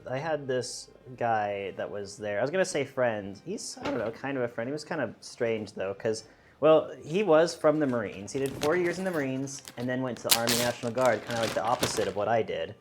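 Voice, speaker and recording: A man's voice: mid-range voice, animated, a little fast. Guy rambling on a stream, lots of "like" and restarts, faint music behind. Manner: rambling, many fillers and restarts. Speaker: stream co-host. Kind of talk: casual chat on a charity stream.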